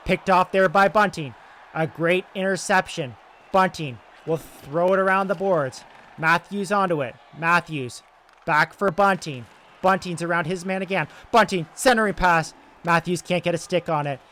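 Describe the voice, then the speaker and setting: Young guy calling a hockey video game, kinda high voice, gets loud on big plays then mutters asides, voice wearing out. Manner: excitable, swings between loud calls and low asides. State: straining his voice. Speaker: gaming YouTuber doing play-by-play. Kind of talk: play-by-play video game commentary.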